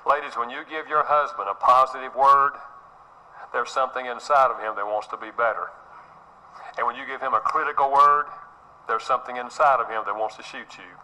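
A man's voice: medium pitch, steady tone, fairly quick, pushed and bright, slight background noise, rough recording. A middle-aged man giving an earnest sermon-style talk, often repeating words and acting out little scenes. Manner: earnest, repeats himself, acts out quotes. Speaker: speaker on parenting.

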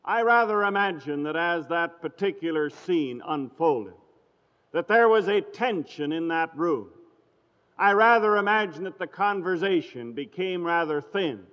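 High-voiced preacher in a reverberant hall. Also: male voice, expressive. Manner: measured storytelling, reads scripture in old-fashioned phrasing. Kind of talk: sermon. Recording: dull lo-fi recording in a reverberant hall.

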